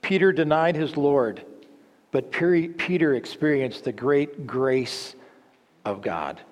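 A man delivers an earnest teaching sermon, posing rhetorical questions and sometimes stumbling to restart a phrase. His voice sits a little high for a man. The sound carries a long hall reverb around it. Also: slow pace. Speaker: preacher.

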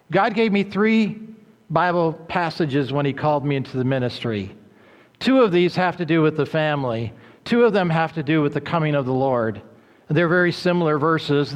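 Earnest pastor, echoey church. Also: male voice, a little high. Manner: earnest, steady preaching with filler uhs. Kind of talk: sermon.

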